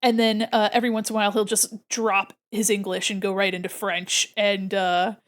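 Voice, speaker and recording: A woman's voice: mid-range voice, level tone, moderate pace. A young woman chatting casually to her livestream chat while she draws, giggling often and reading out viewer messages. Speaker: streamer.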